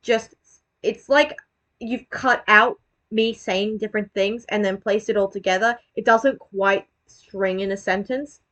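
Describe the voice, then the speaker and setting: A woman's voice: medium pitch, steady tone, measured pace, fairly bright tone. A woman giving casual, self-deprecating commentary on her own old video, rambling, swearing and restarting her sentences.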